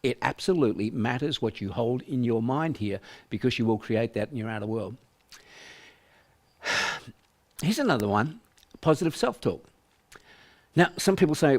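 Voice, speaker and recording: A man's voice: medium pitch, lively intonation, moderate pace, long pauses. An older Australian man teaching sales prospecting, emphatic, acting out small voices to make his points. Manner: emphatic, acts out voices to illustrate. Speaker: sales trainer. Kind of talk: business training presentation.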